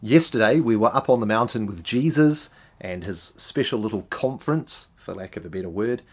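Man, preacher, sermon, somewhat low voice, rhetorical questions to the congregation. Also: expressive, moderate pace, breathy edge.

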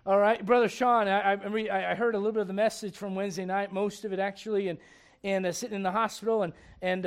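A man in his forties, a pastor preaching a sermon in a church with joking, animated storytelling. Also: high voice, fast talker, clear, resonant tone. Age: 40s.

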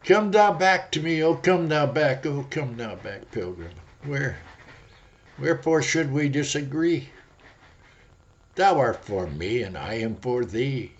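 A man voicing the world as a female temptress who pleads gently and sweetly. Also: mid-range voice, animated, takes it slowly, pitched above the performer's own voice. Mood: pleading. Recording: dull lo-fi audio.

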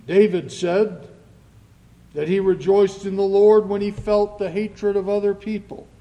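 A man delivers a sermon in a high voice, taking his time over each phrase. He lifts into loud, emphatic readings of scripture. The sound rings with the long reverb of a church hall. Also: flat delivery, a little slow, muffled recording. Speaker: pastor.

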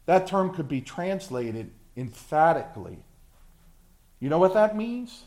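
A male pastor preaching a sermon with passion, swinging from loud surges to hushed, drawn-out words. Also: on the high side, big pitch swings.

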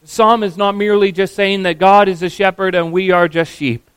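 Guy preaching, kinda high voice, earnest, leans hard on key words, dry close sound. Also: fairly even intonation, fairly quick, clear, resonant tone, no room sound. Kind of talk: sermon.

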